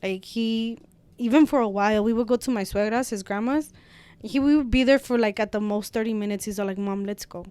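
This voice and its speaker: A woman's voice: a little high, fairly quick, a little mellow, clean tone. A young adult woman talking as a guest, telling a personal story frankly, swearing freely and mixing in Spanish phrases. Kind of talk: casual heartfelt storytelling.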